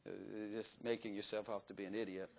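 A man's voice: on the low side, flat delivery, fast talker. A man giving a casual, folksy Bible teaching to a room, chatty and self-mocking, often asking his listeners questions. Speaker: teacher or preacher.

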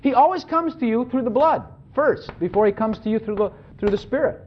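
A preacher giving a sermon in a conversational, animated way, often checking in with the audience. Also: mid-range voice, fairly quick, a little hiss or hum. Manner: animated, conversational, repeatedly asks "Hello?". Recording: dull lo-fi recording.

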